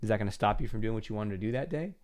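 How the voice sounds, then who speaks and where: A man's voice: fairly low pitch, animated, very fast, darkish tone. A man hosting a self-help podcast, coaching the listener directly in an earnest way and acting out inner voices. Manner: acts out inner voices in quotes. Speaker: podcast host and confidence coach.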